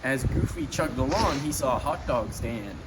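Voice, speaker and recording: A man's voice: medium pitch, expressive, moderate pace, very noisy. A man reading a children's storybook aloud and chatting about the pictures, with small stumbles. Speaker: storybook reader. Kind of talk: casual storybook read-aloud with commentary.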